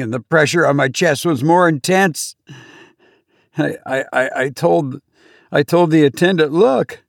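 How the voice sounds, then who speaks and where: Slow, halting male podcast host. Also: mid-range voice, dry recording, studio quality. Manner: halting, repeats words, rises when acting out panic. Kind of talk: personal story told to listeners.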